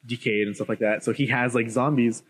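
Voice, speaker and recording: Young dude rambling thru a comic plot, lots of likes and swearing, medium voice. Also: male voice, medium pitch, steady tone, fairly quick, breathy edge. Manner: rambling, filler-heavy, profane storytelling. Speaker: podcast co-host. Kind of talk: casual chat, retelling a comic plot.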